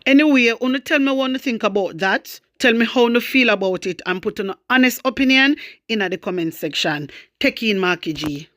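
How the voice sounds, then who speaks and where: A host with a Jamaican Patois accent giving reaction commentary, animated and repetitive, calling out to viewers directly. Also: mid-range voice, moderate pace, dry recording.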